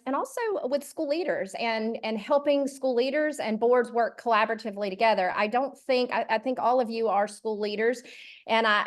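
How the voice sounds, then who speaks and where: A middle-aged woman from Georgia with a Southern accent, leading a virtual workshop in a friendly way, with lots of ums and uhs. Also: on the high side. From Georgia, USA. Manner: friendly, many ums and uhs, says y'all. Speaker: charter school consultant leading a workshop.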